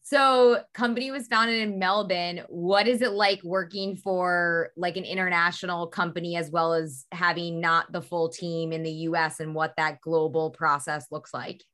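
A woman with a somewhat low voice hosts an interview. She sounds upbeat and chatty while she steers the questions. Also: steady tone, normal speed, few pauses, fairly bright tone. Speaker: podcast host. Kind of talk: interview host chat.

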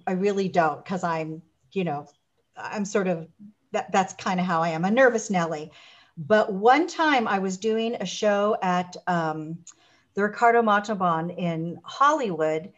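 A woman chats in a relaxed interview, animated as she tells stories and jumps into the voices of people she quotes. Her pitch sits mid-range for a woman. The audio is a bit dull and lo-fi. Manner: animated storyteller, acts out quotes. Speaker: guest. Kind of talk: casual interview chat.

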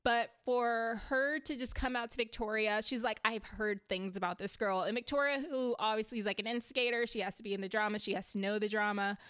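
A chatty woman recaps reality TV in a casual, heated way and swears when something annoys her. Her voice is smooth and clear. The sound is dry and close, with no room around it. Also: fairly high pitch, steady tone, quick pace, hardly any pauses, fairly bright tone, no echo.

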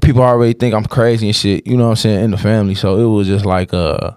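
A man's voice: fairly low pitch, level tone, quick pace, darkish tone, clean tone, no echo, studio quality. Man telling a rambling, profane story. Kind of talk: casual podcast conversation.

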